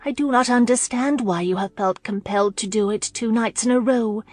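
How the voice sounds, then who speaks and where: A woman narrator voicing an anxious young noblewoman who speaks softly and hesitantly. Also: on the high side, moderate pace, dry recording, soft background music, pitched above the performer's own voice, close to an everyday voice. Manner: soft, hesitant, fretting. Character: anxious young noblewoman fiancée, timid and eager.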